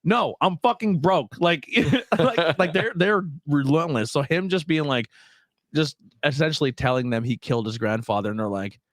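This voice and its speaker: A man's voice: on the high side, moderate pace, no echo, studio quality. A man hosting a casual podcast with friends. He tells stories with energy, swears freely and acts out the voices of the people he quotes. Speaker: podcast host.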